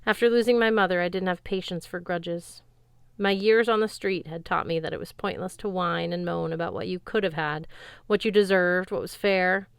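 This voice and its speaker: A woman giving a steady, wry first-person audiobook narration in a studio. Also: on the low side, normal speed, gravelly, smooth, no echo.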